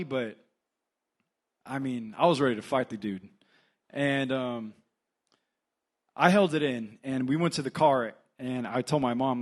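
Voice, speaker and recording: Young male assistant pastor, Californian accent, chatty filler-laden church testimony, mid-pitched. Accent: Californian English. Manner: conversational, filler-heavy storytelling. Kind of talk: casual testimony sermon.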